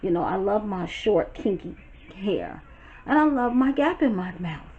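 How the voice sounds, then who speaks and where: A woman from Brooklyn, telling a story to her viewers in a chatty, animated and profane way. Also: medium pitch, a little slow, narrow, tinny audio. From Brooklyn, New York. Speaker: storytime vlogger. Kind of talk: casual storytelling.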